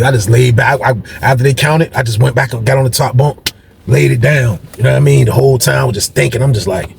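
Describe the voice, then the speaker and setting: A man telling a story casually, profane and animated, acting out the dialogue. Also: mid-range voice, fast, gravelly, slight background noise.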